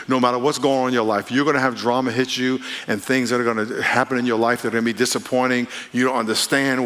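A man's voice: mid-range voice, fairly even intonation, fairly quick, hardly any pauses, fairly bright tone. A pastor delivering a conversational sermon, joking and leading call-and-response with his congregation. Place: church sanctuary. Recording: long hall reverb.

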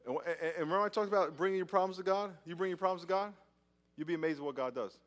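A man's voice: sits high, rapid-fire. A male pastor preaching a sermon, telling stories with acted-out scenes, often repeating and restarting his words. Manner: animated storytelling, acts out scenes.

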